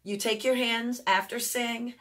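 A woman's voice: a little high, fairly even intonation, unhurried, fairly bright tone. A chatty woman talks parents through a homeschool review, often correcting herself as she goes. She chants and sings the words while explaining the hand motions, dropping in a mild faith phrase now and then. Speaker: homeschool teacher reviewing memory work. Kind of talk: casual instructional walkthrough.

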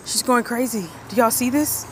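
A woman's voice: a little high, normal speed, a little hiss or hum. A mother filming her child outdoors for a family vlog, teasing and talking playfully to her viewers. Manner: animated, teasing, talks to viewers. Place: outdoors near woods.

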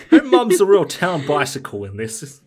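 A man's voice: a little high, wildly swooping pitch, slow pace. A man co-hosting a podcast, teasing and wisecracking in casual banter. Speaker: podcast co-host.

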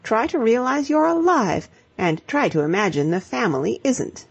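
A spirited young storybook heroine, put on by a woman narrator talks emphatically, in a lifted, lively voice. The tone has a gravelly, husky grain. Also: fairly high pitch, moderate pace, dull audio, pitched above the performer's own voice, exaggerated voice. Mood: lecturing. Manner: emphatic, lecturing, exclamatory. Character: spirited young woman giving brisk advice.

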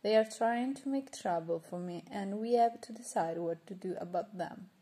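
A woman's voice: mid-range voice, normal speed, dark tone, natural voice. A woman reading the lines of a worried, scheming male king in a storybook. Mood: grim.

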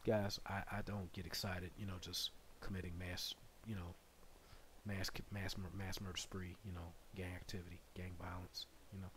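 A man streaming a game live, chatting with viewers and bursting into loud excited yells. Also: low voice, moderate pace, slight background noise. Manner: excitable, bursts into loud yelling, banters with chat. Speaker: gaming streamer. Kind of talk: live gameplay commentary.

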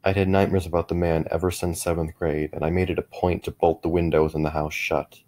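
A middle-aged man narrating a first-person horror story in a measured way, with frequent small restarts. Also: low voice, little pitch movement, darkish tone.

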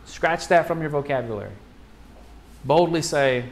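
A male pastor preaching in a loose, conversational way. His voice sits a little higher than most men's, and he leans on rhetorical questions and quick restarts as he talks through the sermon. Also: slight background noise.

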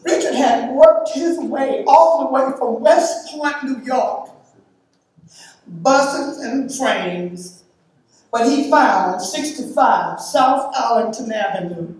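Heard from a distance in an echoey hall, a eulogy speaker reads scripture and offers heartfelt, emphatic memories at a memorial service in a church or memorial hall. Her high-pitched, slightly mellow voice is expressive, and she takes it slowly.

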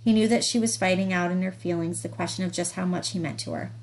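A woman reader gives measured, steady literary audiobook narration. Her voice sits a little low and unhurried through the prose. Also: rough recording. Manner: measured, even reading of descriptive prose.

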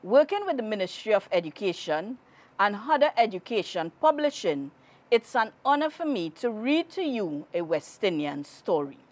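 A woman from Trinidad and Tobago, reading a children's story aloud in a slow, expressive storytelling manner. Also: mid-range voice. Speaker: guest reader.

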